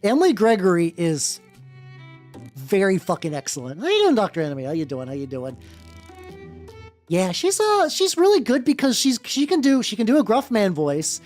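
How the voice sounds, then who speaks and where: A man with a naturally high voice chatting casually on a livestream while painting miniatures, rambling and swearing freely. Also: wildly swooping pitch, moderate pace, a little mellow, soft background music. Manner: rambling, many fillers and restarts, swears freely.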